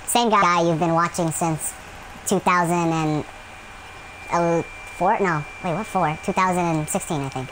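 A man's voice: fairly high pitch, moderate pace, fairly bright tone, a little hiss or hum, poor audio. A man giving gameplay commentary at home, rambling with many fillers and breaking into yelps and rants at the game. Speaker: gaming channel host.

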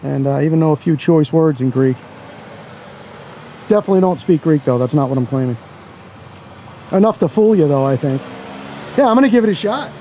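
A man doing a First Amendment audit records outside near a parking lot, talking to his camera in a blunt, sarcastic, offhand way with some cursing. His voice runs on the high side with lively intonation and a dark tone, a little fast but with long pauses. Slight background noise can be heard.

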